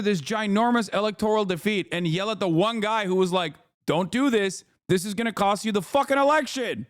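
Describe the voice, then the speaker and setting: A man's voice: high voice, lively intonation, brisk, few pauses, dry recording, studio quality. A man in his thirties streaming, ranting furiously and profanely at his chat. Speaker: political streamer. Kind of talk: angry rant at chat.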